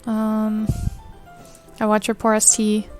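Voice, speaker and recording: A woman's voice: medium pitch, monotone, slow, darkish tone, faint music behind. A young woman streaming a game, reading it aloud with wry, joking casual commentary.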